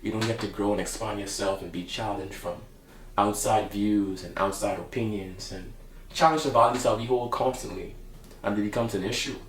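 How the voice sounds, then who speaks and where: A man's voice: fairly low pitch, reverberant, rough recording. A man speaking casually to camera in a reflective, heartfelt monologue, slangy and open. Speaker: vlogger.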